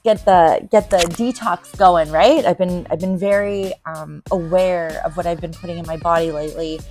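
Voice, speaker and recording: A woman's voice: lowish voice, steady tone, moderate pace, darkish tone, faint music behind. A woman in her forties hosting a casual solo podcast as a recovery coach, talking in a candid, rambling way with frequent ums.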